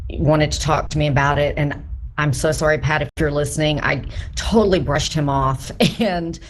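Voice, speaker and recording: Low-voiced woman, candid and self-deprecating. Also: fairly even intonation, moderate pace, a little hiss or hum. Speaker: real estate agent. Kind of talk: panel discussion answer.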